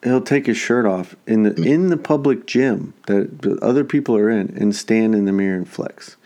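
A young man co-hosting a podcast, telling a story in a casual, profane, animated way. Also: on the low side, moderate pace. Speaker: podcast co-host. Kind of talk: casual chat.

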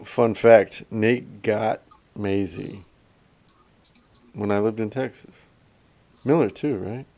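A man's voice: fairly low pitch, takes it slowly, pauses often, a little mellow. A man chatting casually with a friend, laid-back, swearing casually and giving short agreeing replies. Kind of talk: casual chat.

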